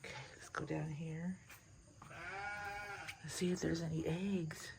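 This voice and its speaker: With her camera set down nearby, a woman vlogs her farm chores outdoors against a noisy background. Her deep voice has vocal fry, little pitch movement and a measured pace as she chats casually and coos to the animals.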